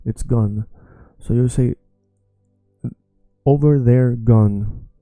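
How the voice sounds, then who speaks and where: A man with a Swedish accent teaching his language in a patient lesson, repeating words slowly for learners. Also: medium pitch, no echo, narrow, tinny audio, faint music behind.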